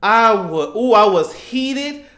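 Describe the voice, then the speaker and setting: A young man telling an excited, rambling story about a cartoon moment, often acting out the characters in a raised voice. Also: high-pitched, slow pace. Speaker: YouTuber reacting to anime. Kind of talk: casual animated storytelling.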